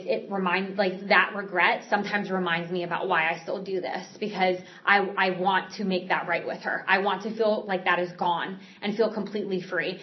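Earnest woman with halting, filler-heavy speech. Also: medium pitch. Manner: halting, frequent fillers and restarts; earnest, candid. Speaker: speaker sharing a recovery story. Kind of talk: personal recovery testimony. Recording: slightly dull, muffled recording.

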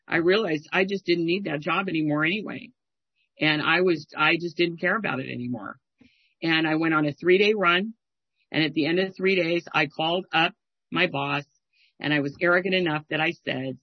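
A woman in her sixties telling a candid personal recovery story in a halting way, acting out the people she quotes. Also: deep voice, no echo. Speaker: speaker sharing a recovery story. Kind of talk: personal testimony. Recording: dry, dull lo-fi sound.

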